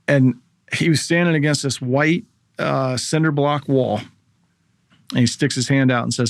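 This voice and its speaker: A man around forty, a former baseball pitcher, telling a story as a podcast guest and acting out the voices of people in it. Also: moderate pace, no echo, studio quality. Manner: animated storyteller, acts out quoted voices. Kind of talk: casual storytelling interview.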